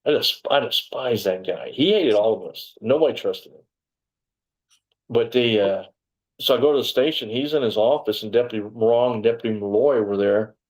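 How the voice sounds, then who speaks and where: Poor audio captures this Texan ex-cop at a normal speed, his mid-range voice a little mellow. Interviewed casually, he recounts his story digressively, peppering it with "you know".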